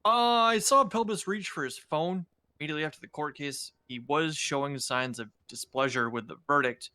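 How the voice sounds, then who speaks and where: A man playing a witness in role-play court, answering in a calm, measured way. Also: on the high side, no room sound. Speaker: witness, a judge in the game.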